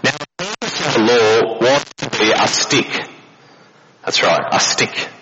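A man's voice: mid-range voice, very animated, unhurried. A man preaching a sermon, telling it as a story and firing off rhetorical questions. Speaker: pastor. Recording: dull lo-fi recording with noise.

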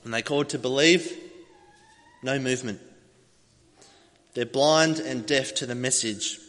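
In a long, reverberant hall, a man preaches a sermon, animatedly telling a story and acting out the voices as he goes. His mid-range voice is unhurried and fairly bright.

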